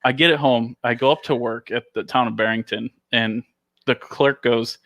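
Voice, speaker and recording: A male podcast host spins an animated, laughing anecdote in casual chat. His voice is bright and forward, recorded close and dry with no room around it. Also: medium pitch, normal speed, no room sound, muffled recording.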